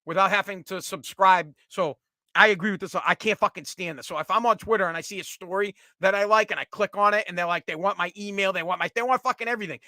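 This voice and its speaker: A middle-aged man, hosting a casual comedic rant that is profane and animated. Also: high voice, dry recording. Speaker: podcast host.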